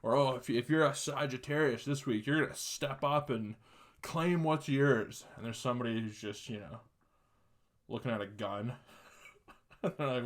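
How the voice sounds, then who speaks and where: A young man from Canada hosting a podcast, telling rambling, sarcastic stories with plenty of swearing and quick laughs. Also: mid-range voice. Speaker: podcast host. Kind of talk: casual comedic monologue.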